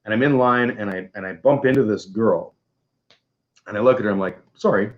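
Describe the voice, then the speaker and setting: Speaking a little fast over a muffled recording, a middle-aged man with a Canadian accent hosts a casual chat. A Canadian with a fairly low-pitched voice, he rambles through profane stories, putting on voices for the people in them.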